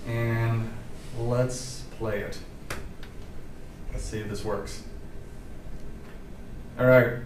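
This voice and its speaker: A man's voice: mid-range voice, a little hiss or hum. Chatty man presenting in an echoey room. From Kentucky. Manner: chatty, apologetic, many fillers and restarts. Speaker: workshop presenter. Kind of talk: live conference workshop, running a quiz. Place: conference room. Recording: echoey room, distant mic, faint music.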